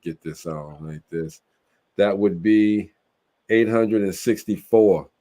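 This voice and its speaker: Male telethon stream host, low-pitched, easygoing and jokey, talking over a video call. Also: slow, warm tone. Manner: laid-back, joking, slangy. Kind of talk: casual banter on a livestream.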